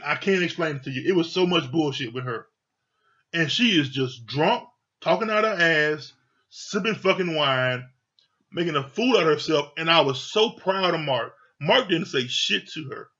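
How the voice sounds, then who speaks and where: Guy with a bright sharp voice ranting about a show, kinda dull lo-fi audio. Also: fairly high pitch. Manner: blunt, profane, exasperated commentary. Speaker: reality show reviewer. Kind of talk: casual rant review.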